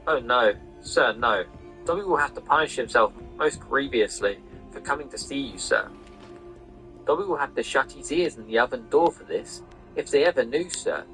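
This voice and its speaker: A man voicing a small, earnest male house elf who is servile and self-punishing, speaking in a high, pleading voice while he reads a novel aloud. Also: lively intonation, moderate pace, a bit bright, faint music behind, low-quality recording. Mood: anguished. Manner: high-pitched, pleading, says sir constantly. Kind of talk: reading a novel aloud over gameplay.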